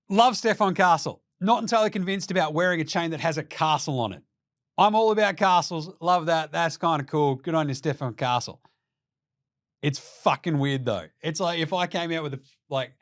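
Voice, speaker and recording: An Australian man hosting a basketball show, ranting in an excitable, profane, comedic way and laughing between jokes. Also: a little high, dry recording, studio quality. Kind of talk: comedic sports rant.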